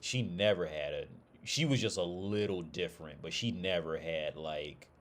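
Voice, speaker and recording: A middle-aged man from Ohio talks in a deep, low voice. He chats loosely on a casual livestream, swearing freely and often restarting sentences. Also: normal speed. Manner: rambling, profane, loose restarts. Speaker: streamer.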